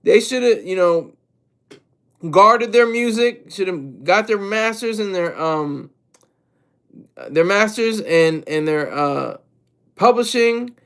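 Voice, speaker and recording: A man with a fairly high voice for his sex, talking off the cuff on a live stream. He rambles and circles back, repeating himself and stopping to react to his chat. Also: slow, pauses often, fairly bright tone, smooth. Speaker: streamer and commentator.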